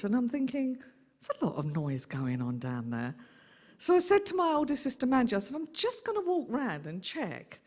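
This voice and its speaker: A middle-aged woman, an aunt telling lively stories in a memorial tribute. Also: sits high. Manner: lively anecdotal storyteller. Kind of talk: eulogy storytelling.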